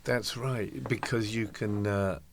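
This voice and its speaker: A man's voice: fairly low pitch, steady tone, takes it slowly, creaky, a little hiss or hum. A man in his sixties, a guest in a conversational interview, telling anecdotes in a reflective way.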